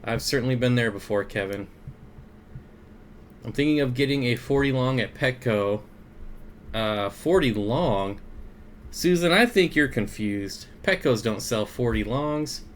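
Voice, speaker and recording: A man's voice: medium pitch, animated, unhurried, long pauses, slight background noise. A young man hosting a casual aquarium livestream, greeting viewers by name and reading their comments with frequent chuckles. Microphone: desk mic.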